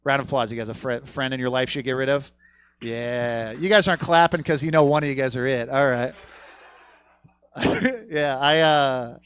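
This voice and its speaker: A man's voice: mid-range voice, a bit bright, dry recording. A man doing a stand-up comedy set on a theater stage, telling a rambling, crude story and working the crowd.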